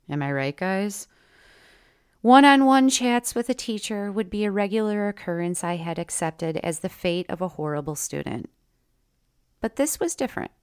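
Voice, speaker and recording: A woman's voice: medium pitch, smooth, no room sound, clean studio sound. A woman narrating a first-person memoir to her listeners, with wry, conversational asides. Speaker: storyteller.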